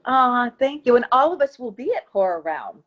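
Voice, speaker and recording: A woman's voice: on the high side, big pitch swings, normal speed, lo-fi sound. A woman being interviewed as an actress guest, chatting casually in a bubbly, gushing way.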